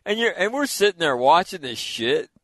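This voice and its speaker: An older man hosting a casual chat, telling animated, laughing stories with crude swearing. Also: on the high side, normal speed, no echo. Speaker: host.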